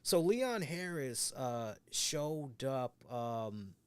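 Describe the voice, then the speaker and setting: A man co-hosting a casual talk show, rambling through stories with plenty of swearing and little acted-out voices. His voice sits at an ordinary middle pitch. The sound is dry and close, with no room echo. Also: big pitch swings, very slow, clean tone. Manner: rambling, profane, acts out quoted voices. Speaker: co-host. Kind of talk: casual podcast chat.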